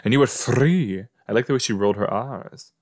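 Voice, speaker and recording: He has a medium-pitched voice and a moderate pace, heard in clean studio sound without echo. The man hosts a podcast where he reacts casually to a show playing before him, chatty and musing as he talks at the screen.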